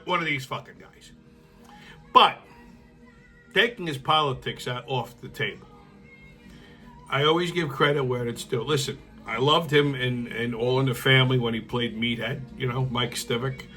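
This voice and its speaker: A man's voice: medium pitch, steady tone, moderate pace, pushed and bright, soft background music. A male show host delivering a blunt, heated political commentary rant, swearing constantly.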